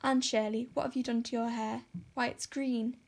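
A woman's voice: fairly high pitch, flat delivery, moderate pace. A woman voicing a stern older spinster who scolds and speaks with dry sarcasm. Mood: scolding.

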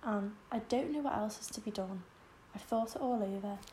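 A tired, clipped older woman's voice, stern and worn down, with a low mellow weight, as a woman narrator plays her. Her lines come flat and plain in an audiobook reading. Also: normal speed, slight background noise, lightly acted. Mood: sorrowful. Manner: weary, clipped and bitter. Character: stern, weary elderly spinster. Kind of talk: audiobook character voice.

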